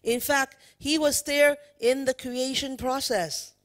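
A woman's voice: high voice, steady tone, takes it slowly, fairly bright tone. A woman preacher giving an emphatic sermon, asking the congregation questions. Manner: emphatic, addresses the congregation with questions and "you know" fillers. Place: church worship service.

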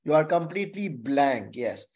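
A man's voice: fairly high pitch, lively intonation, moderate pace, darkish tone. A man tutoring exam candidates in an online webinar lecture. He repeats his key points and keeps checking in with "okay?". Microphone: webinar microphone.

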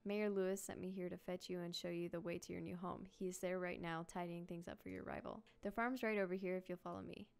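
A woman's voice: fairly low pitch, fairly even intonation, fast, vocal fry, hardly any pauses, clean tone. A woman reading as a friendly town carpenter. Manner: plain, casual reading of game dialogue.

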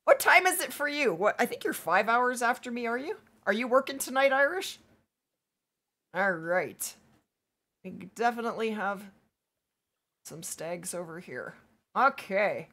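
A woman streamer chats with her viewers while playing, upbeat and quick to laugh, her voice hoarse after a long week of streaming. Her tone is bright and crisp, and her pitch swings widely, jumping high when she gets excited and dropping low when she goes quiet to aim. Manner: upbeat, chatty, reads chat aloud, quick to laugh. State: losing her voice. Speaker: livestream gaming host. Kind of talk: casual livestream chat while playing.

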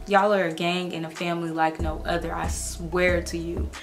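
A woman in her twenties, a YouTuber talking in a gushing, excitable casual vlog, full of "like"s. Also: fairly low pitch, moderate pace, faint music behind. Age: 20s.

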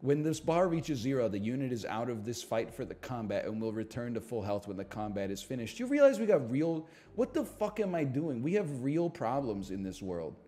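A man's voice: medium pitch, sing-song, brisk, hardly any pauses, dark tone. A man streaming live, chatting casually in a sarcastic, mock-outraged way that swings into ranting.

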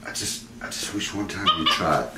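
A man's voice: deep voice, brisk. A man talking affectionately to his pet at home, laughing often. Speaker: pet owner and channel host. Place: indoors at home. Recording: echoey room with background noise.

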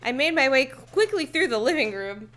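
A woman's voice: high-pitched, very animated, normal speed, fairly bright tone. A woman co-hosting a comedy podcast, reading a children's book aloud with blunt, profane commentary. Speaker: podcast co-host.

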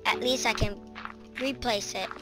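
A woman's voice: on the high side, fairly even intonation, measured pace, over music. A woman giving let's-play commentary as she plays, chattering to herself and breaking into shrieks and screams whenever monsters appear. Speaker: gaming channel host.

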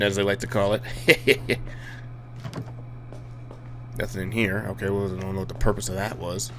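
Male gamer, lowish voice, wisecracking let's play commentary, quiet hiss behind. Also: little pitch movement, moderate pace, pauses often. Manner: joking, swearing, talking to the game characters.

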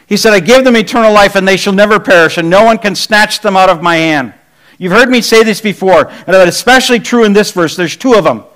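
Male pastor, middle-aged, high voice, conversational sermon full of rhetorical questions. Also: a bit bright, rough recording.

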